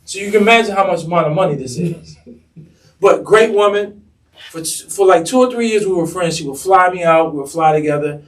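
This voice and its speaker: Man, fashion designer, interview guest, animated storyteller, slightly high voice, a bit off-mic. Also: fairly quick, recorded from a distance.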